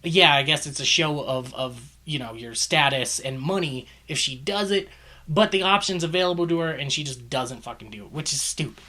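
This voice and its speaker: A man's voice: a little high, normal speed, sharp tone. Man, movie reviewer, ranting, exasperated, swears a lot, casual.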